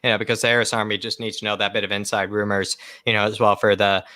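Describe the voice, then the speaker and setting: Fast bright-voiced man, emphatic. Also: on the low side, level tone, no echo. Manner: emphatic, repeats phrases. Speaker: fan channel co-host. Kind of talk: casual live-stream chat.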